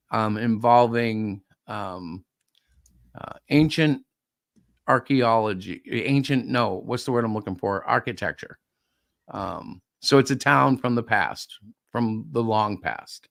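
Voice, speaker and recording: A man co-hosting a casual chat, joking and playful, slowing down when he searches for words. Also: mid-range voice, gravelly, fairly bright tone, no echo. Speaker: co-host.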